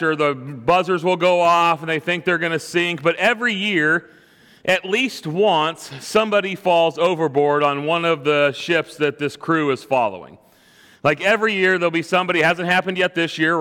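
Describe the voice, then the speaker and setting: Bright-voiced man preaching a sermon. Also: fairly high pitch, clear, resonant tone, in a large hall. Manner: conversational storytelling preacher. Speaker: pastor. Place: church sanctuary.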